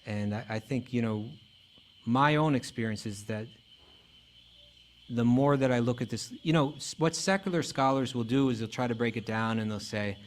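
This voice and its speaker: Male teacher, mid-pitched, chatty lecture delivery full of restarts, faint noise underneath. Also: moderate pace. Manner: conversational, many fillers and restarts. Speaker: spiritual teacher. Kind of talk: casual lecture.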